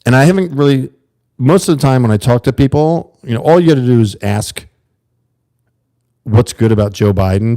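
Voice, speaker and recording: A man's voice: mid-range voice, fairly quick, vocal fry, mellow. A man from the USA hosting a livestream, talking earnestly and rambling to his chat viewers in a casual monologue. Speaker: livestream host.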